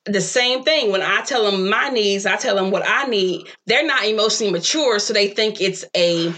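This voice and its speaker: A woman in casual conversation who cuts in quickly to make her point. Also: medium pitch, pushed and bright. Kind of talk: casual chat.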